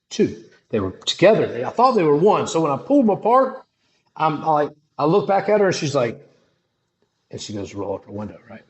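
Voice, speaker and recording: Middle-aged man, personal testimony storytelling, slangy and dramatic, lively swinging pitch, somewhat high voice. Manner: animated, dramatic, casual slangy speech.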